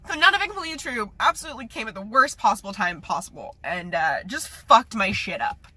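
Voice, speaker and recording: A young woman in her twenties rants to her viewers, swearing freely as she fights back tears. Her voice is bright and a little husky, angry and choked at once. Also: on the high side, animated, fast talker, no echo. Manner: tearful, angry and profane. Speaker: vlogger. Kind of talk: emotional vlog rant.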